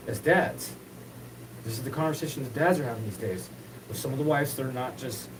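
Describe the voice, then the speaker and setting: A man's voice: a little high, far from the mic, noisy background. A man hosting his own show, talking in a rambling, repetitive, profane solo monologue. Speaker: show host.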